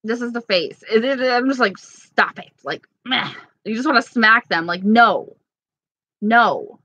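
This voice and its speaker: A woman's voice: fairly high pitch, normal speed, pushed and bright, no echo. A woman from New York, chatting casually and giggling as she rambles through viewer comments as a beauty vlogger. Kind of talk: casual live chat reading comments.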